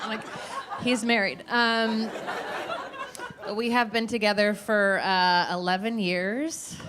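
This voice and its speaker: A woman's voice: mid-range voice, fairly even intonation, takes it slowly. A woman in her thirties doing a stand-up comedy set on a club stage, brash and profane, laughing through her punchlines. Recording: live club with crowd laughter and noise. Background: audience laughter.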